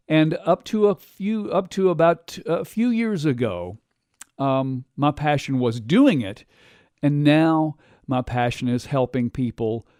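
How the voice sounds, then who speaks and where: A man hosting a radio talk show, delivering an animated monologue and acting out quotes in other voices. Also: fairly high pitch, no echo, studio quality. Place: radio studio.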